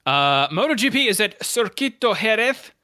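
A man's voice: sits high, big pitch swings, measured pace, pushed and bright, no room sound, studio quality. A man co-hosting a casual motorsport podcast, running through standings and race listings with frequent self-corrections. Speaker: podcast co-host.

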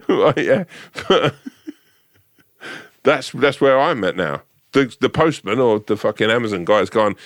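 A man's voice: medium pitch, expressive, slow, no echo, clean studio sound. A man co-hosting a podcast, telling long, jokey, rambling stories and swearing casually. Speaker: podcast co-host. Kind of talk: casual chat.

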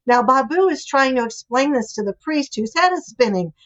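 A woman's voice: high voice, lively intonation, normal speed, a bit bright. An older woman, a guest author and relationship expert, telling anecdotes animatedly in a podcast interview. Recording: dull lo-fi audio.

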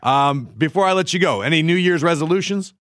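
A man hosting a casual interview, wrapping up the talk in a relaxed, polite way. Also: on the high side, a little fast, dry recording, clean studio sound. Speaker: host.

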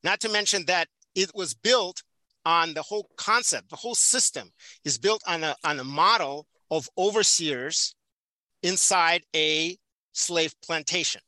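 A passionate man from the Soviet Union speaks as a podcast guest, driving his points home by repeating words. His voice sits high and sounds very bright and sharp. The recording is dry and close. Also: unhurried, no room sound, rough recording. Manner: emphatic, passionate, repeats for stress. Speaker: podcast guest, prison volunteer teacher. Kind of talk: casual conversational interview.

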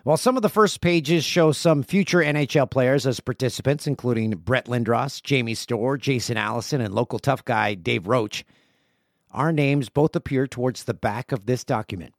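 A man's voice: mid-range voice, normal speed, gravelly, no echo, studio quality. A man in his forties hosting a casual solo podcast, reading listener emails aloud with jokey asides. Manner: chatty, jokey asides while reading mail. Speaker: podcast host.

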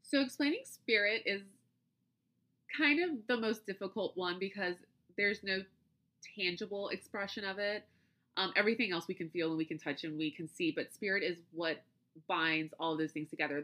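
A woman's voice: fairly low pitch, pushed and bright. A woman hosting a podcast, reading out long lists item by item and then explaining things loosely, with restarts along the way. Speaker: podcast host. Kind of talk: casual podcast chat.

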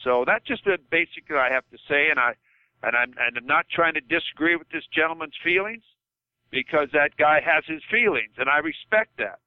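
Older male coach calling in by phone, earnest and heartfelt, crisp voice through a tinny line. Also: on the high side, a little fast, no echo. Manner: passionate, repeats himself, says okay. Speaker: football coach guest. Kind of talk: podcast phone-in chat.

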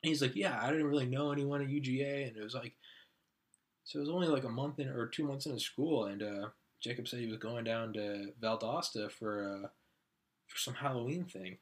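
A man in his thirties trades loose stories on a podcast with a friend. His voice is a little husky at a middle pitch, and he keeps breaking into higher, louder impressions of the people in his stories. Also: a little fast. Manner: animated, acts out quoted friends with raised pitch. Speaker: podcast host. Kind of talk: casual storytelling chat.

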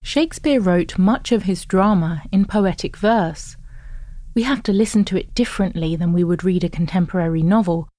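A woman narrating an educational course in a clear, even, instructive scripted read. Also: fairly low pitch, moderate pace, no echo, clean studio sound.

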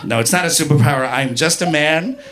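A young man telling a profane, animated stand-up story full of "like", on a comedy club stage. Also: a little high, a little fast, a crowd in the background, background noise.

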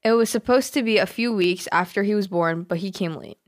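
A woman co-hosting a podcast, reading a listener's letter aloud in a plain, steady way. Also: medium pitch, fairly quick. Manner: plain, steady reading with small laughs at the jokes. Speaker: podcast co-host.

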